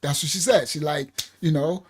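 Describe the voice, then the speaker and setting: A man's voice: a little high, moderate pace, slight background noise. A man who leads a ministry, telling a story casually on a livestream, laughing often, using heavy slang and acting out other people's voices. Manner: acts out voices in stories. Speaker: ministry leader.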